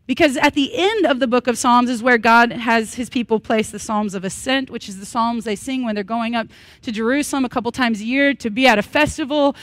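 A woman in her thirties preaching a sermon at a church worship service. She speaks earnestly and breaks into lively, humorous asides. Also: fairly high pitch, a little fast, no echo. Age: 30s. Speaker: pastor.

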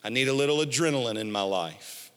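A man's voice: mid-range voice, animated, quick pace, a bit bright. A man preaching a sermon as pastor, emphatic and storytelling, repeating his key phrases. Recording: echoey hall.

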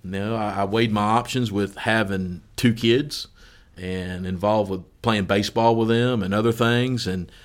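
A middle-aged man with a lowish voice talks casually about his work as a golf course superintendent. He tells stories with a laugh and acts out what people said. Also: moderate pace. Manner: laughs through his stories, animated quoting. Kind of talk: casual storytelling chat.

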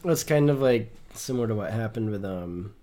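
A man co-hosting a casual podcast chat, relaxed and playful and quick to swear. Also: fairly low pitch. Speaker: podcast co-host.

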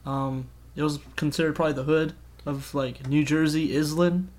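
A man with a fairly high voice talks casually on a podcast. He is relaxed and pauses often with filler sounds as he fills in details of a trip. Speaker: podcast co-host. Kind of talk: casual storytelling chat.

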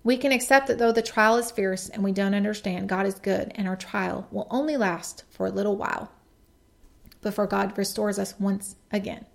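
Woman with a gravelly, earnest voice. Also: mid-range voice, steady tone, normal speed. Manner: earnest, reflective, reads quotes aloud. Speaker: podcast speaker. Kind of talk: devotional message.

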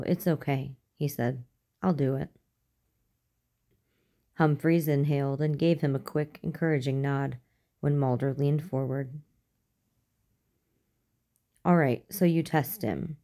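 Woman reading a story, really low mellow voice, steady. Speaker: narrator. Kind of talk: audiobook reading.

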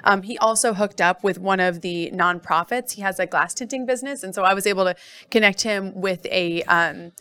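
A woman in casual podcast conversation, upbeat and chatty. Her voice sits at an ordinary middle pitch. She talks in a relaxed, friendly back-and-forth. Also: fairly quick, clean tone. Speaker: podcast co-host.

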